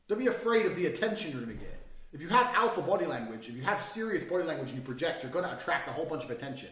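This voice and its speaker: Brash profane male course presenter, lively swinging delivery, echoey room, mic at a distance. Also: a little high, rapid-fire. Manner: brash, profane, emphatic, mocks hesitant speakers. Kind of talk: lecture on body language and speaking. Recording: roomy echo, mic at a distance.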